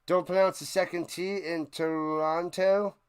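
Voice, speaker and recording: A man's voice: high-pitched, fairly even intonation, measured pace, clean tone. A man with a New York accent, a live-streamer chatting playfully and calling plays during a football watch party. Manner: rambling, playful, jumps between game calls and snack talk. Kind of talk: casual live play-by-play chat.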